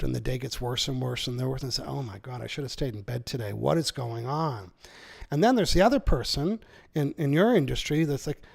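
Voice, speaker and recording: In an interview, a Canadian author and seminar speaker lays out his ideas energetically and persuasively, performing quotes as he goes. He has a fairly high-pitched voice with vocal fry.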